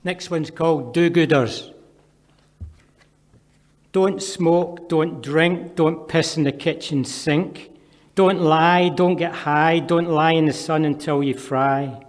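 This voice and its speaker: A man's voice: fairly high pitch, steady tone, slow pace. A man with a Scottish accent, a poet giving a live poetry reading with dry, wry asides between the poems. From Scotland. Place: performance venue with long reverb. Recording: reverberant hall.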